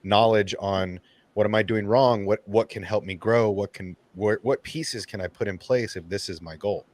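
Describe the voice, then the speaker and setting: A man hosting a casual group livestream chat, talking in an animated way and acting out his own nervous thoughts. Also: fairly low pitch, normal speed. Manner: animated, acts out nervous inner voices. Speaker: channel host.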